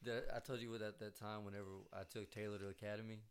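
A man's voice: lowish voice, level tone, quick pace. A young man hosting a casual chat, telling a crude story full of profanity and laughter.

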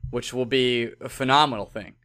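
A man co-hosting a casual sports podcast, jokey and animated, tripping over names now and then. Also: mid-range voice, normal speed, clear, resonant tone. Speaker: podcast co-host.

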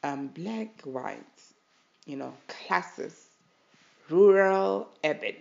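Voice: medium pitch, lively intonation, drawn-out words, creaky, highs cut off. A podcast host with a South African accent, talking in an emotional, impassioned way and urging listeners to do better. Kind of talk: casual podcast monologue.

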